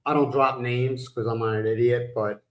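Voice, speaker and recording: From his home in the Philippines, an older American man hosts a casual livestream, rambling and blunt and swearing occasionally. He talks at a moderate pace in a steady, mid-range voice, and the recording is low-quality.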